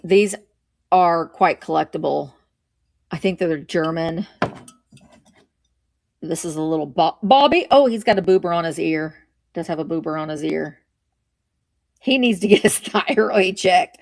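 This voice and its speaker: A woman's voice: lowish voice, a little slow, gravelly, pauses often. A middle-aged woman hosting a casual live stream from home, rambling cheerfully as she greets viewers and shows vintage finds from her shelves. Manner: chatty, rambling, greets viewers while showing items.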